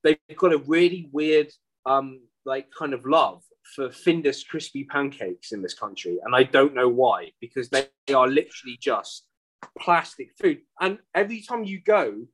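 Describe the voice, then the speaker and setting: Husky English man, sweary and rambling. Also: medium pitch, normal speed, poor audio. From England. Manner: sweary, rambling, animated storytelling. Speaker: podcast host. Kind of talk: casual chat.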